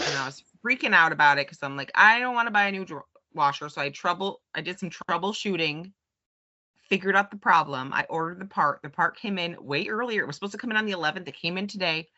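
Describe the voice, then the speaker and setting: A woman co-hosting a podcast, chatting casually and telling stories, acting out what others said. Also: lowish voice. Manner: chatty storyteller, quotes others in lively voices. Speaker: podcast co-host. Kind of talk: casual chat. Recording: dull lo-fi sound.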